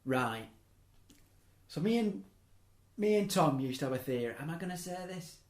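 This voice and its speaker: A man's voice: on the high side, animated, moderate pace, a little mellow. Rambling young man. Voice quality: rambling, self-interrupting, chuckling asides. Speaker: podcast host. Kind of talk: casual storytelling chat. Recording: echoey room.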